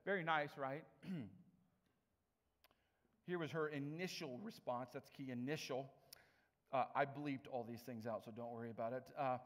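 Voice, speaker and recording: A pastor preaches in a chatty storytelling style, giving animated voices to the people in his stories. His voice is mid-range at normal speed, with long pauses, and a large hall adds long reverb.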